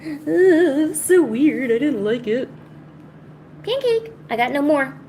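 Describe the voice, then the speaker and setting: Woman, high voice, very animated, cooing baby talk, casual streamer chat, at home. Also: a little slow, a little hiss or hum. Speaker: art streamer. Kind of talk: casual chat to pets and viewers.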